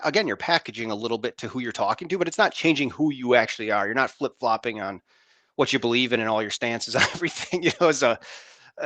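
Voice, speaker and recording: A man in sales co-hosting a podcast, talking in an animated, rambling way and acting out his phone calls. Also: mid-range voice, no room sound. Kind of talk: casual chat.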